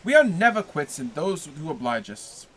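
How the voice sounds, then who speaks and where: A man reading aloud, voicing an earnest, warm-hearted young sailor who speaks eagerly and emphatically. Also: on the high side, big pitch swings, moderate pace, husky, heavily acted.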